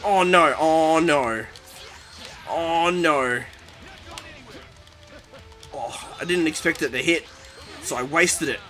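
A young man giving excitable, panicky commentary over his own fighting-game match, taunting his opponent. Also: on the high side, slow pace, pauses often. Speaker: gaming YouTuber. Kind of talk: live gameplay commentary. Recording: game music behind voice.

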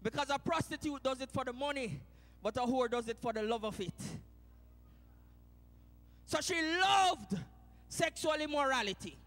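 High-voiced Jamaican preacher shouting. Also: male voice, lively intonation, moderate pace, long pauses, long reverb tail. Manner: swings from low, hushed storytelling to loud shouted preaching. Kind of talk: sermon. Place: church sanctuary.

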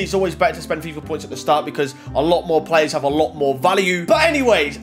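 A young man giving casual gameplay commentary as a YouTuber, excitable and pleading out loud at each reveal. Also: high voice. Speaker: gaming YouTuber.

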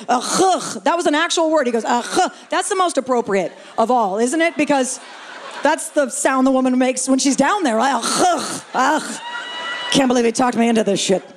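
A woman with a high-sitting voice performs a stand-up comedy set at a live venue, working the crowd on a stage mic. She is brash and playful, swearing freely as she banters with the audience, and there is slight background noise.

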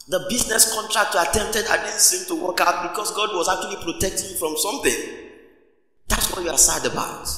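A man preaching sends his high, bright voice out across a large church hall. The sound carries a long echo. He drives the congregation with call-and-response lines and keeps a playful, animated energy. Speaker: pastor. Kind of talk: sermon. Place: church auditorium.

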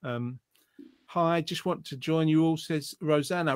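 A man's voice: fairly high pitch, measured pace, smooth, no room sound. A man hosting an online quiz show, reading out viewers' answers and teasing them in a jokey way. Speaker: quiz host.

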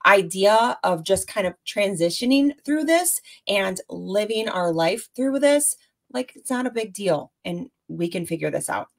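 A woman's voice: mid-range voice, lively intonation, a little slow, vocal fry. A woman in her forties hosting a casual podcast interview, bubbly and effusive, with plenty of fillers. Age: 40s. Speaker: podcast host.

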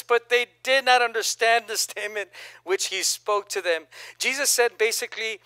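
A male pastor preaching a lively sermon, reading scripture aloud and calling on the congregation to repeat after him. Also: very high voice, moderate pace, no echo. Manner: reads scripture aloud, then comments casually.

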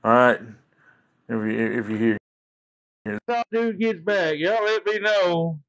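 Male live streamer, loose jokey chat, lots of laughter, slightly high pitch. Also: animated, unhurried, a bit bright. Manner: rambling and jokey, laughing often.

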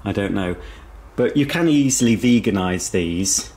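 A man's voice: fairly low pitch, lively intonation, a little slow, darkish tone. A man giving a casual, rambling video tour of a house, chatting while he eats. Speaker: vlogger. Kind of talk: casual home tour vlog. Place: inside a house.

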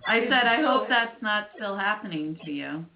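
A woman's voice: medium pitch, animated, moderate pace, vocal fry, crowd noise. A woman co-hosting a paranormal radio show, chatting casually and giggling often. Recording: echoey room, muffled lo-fi sound.

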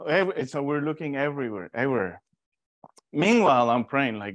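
A man from Mexico teaching an informal Bible study, telling stories in a lively, animated way with restarts. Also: mid-range voice, brisk, dry recording.

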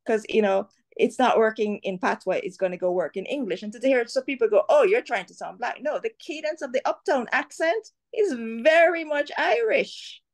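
A woman from Jamaica with a Jamaican accent, an outspoken cultural commentator talking animatedly as an interview guest. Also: a little high. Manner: outspoken, animated, quick to switch into voices. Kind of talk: casual interview chat.

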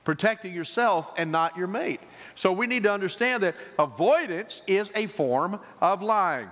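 A man's voice: high-pitched, moderate pace. Man preaching in a reverberant church. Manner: animated storytelling preacher, acts out quoted voices. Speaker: pastor. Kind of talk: sermon. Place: church sanctuary.

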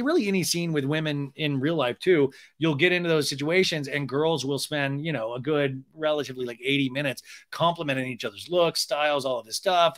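A man hosting a comedic podcast, recapping a reality show with animated, profane commentary. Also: on the high side. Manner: animated, profane, jumps into character voices. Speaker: podcast host.

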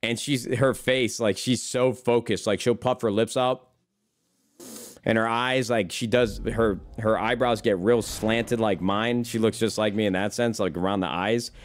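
Rambling young man streamer, low voice. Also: fairly even intonation, unhurried. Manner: rambling, swears freely, calls chat "brother". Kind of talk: casual live-stream chat.

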